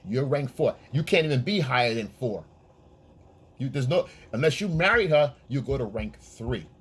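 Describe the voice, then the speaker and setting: A man's voice: mid-range voice, animated, moderate pace, fairly bright tone, slightly rough. A man giving blunt, profane dating advice in a casual monologue, often checking in with the listener. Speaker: men's dating coach.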